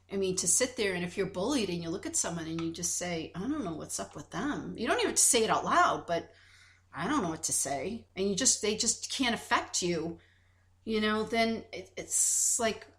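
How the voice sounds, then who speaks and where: A woman co-hosting a podcast in casual chat, telling stories animatedly and acting out quoted dialogue. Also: medium pitch. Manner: animated storytelling, acts out quoted dialogue, many restarts. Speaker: podcast co-host.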